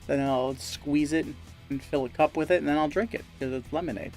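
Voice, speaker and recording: A man co-hosting a casual gaming-channel chat, telling stories and deadpan absurd jokes. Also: on the high side, brisk, soft background music. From Great Lakes region, US. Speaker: co-host.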